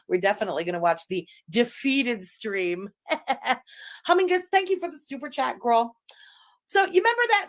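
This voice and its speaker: A woman's voice: on the high side, fairly bright tone. A woman hosting a live stream, chatting casually, giggling, gloating and swearing as she reacts. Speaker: streamer and channel host.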